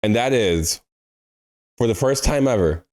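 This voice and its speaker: A young man co-hosting a podcast in casual chat, joking with quick comic asides. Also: medium pitch, animated, a little mellow. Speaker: podcast co-host.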